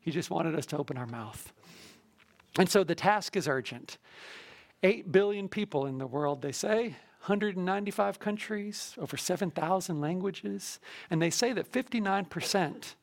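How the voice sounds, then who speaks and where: A man's voice: sits high, moderate pace, creaky. A middle-aged man, a missionary preacher, telling a personal story in a sermon and acting out the dialogue as he goes. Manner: storytelling, animated retelling with quoted dialogue.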